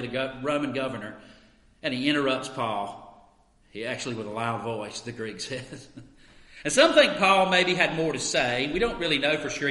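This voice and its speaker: Male pastor, fairly high and bright, emphatic sermon delivery, long reverb of a church hall. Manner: emphatic, swinging between loud stresses and quiet asides. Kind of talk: expository sermon.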